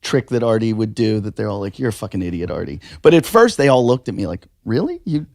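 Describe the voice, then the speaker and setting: A man telling stories on a podcast in casual, animated chat. He swears freely and bursts into the voices of the people he quotes. The sound is close and dry, with no room around it. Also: on the low side, quick pace, gravelly, no room sound. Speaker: podcast co-host.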